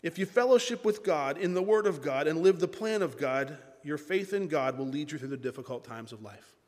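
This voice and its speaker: A man's voice: a little high, lively intonation, a little fast, a little mellow. Emphatic preacher man in a reverberant hall. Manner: emphatic, repeats key phrases. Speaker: pastor. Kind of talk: sermon.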